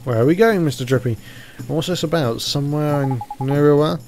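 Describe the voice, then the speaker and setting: A man's voice: a little high, fairly quick, music in the background, lightly acted. Earnest young boy hero, read by a man. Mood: curious. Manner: questioning, earnest.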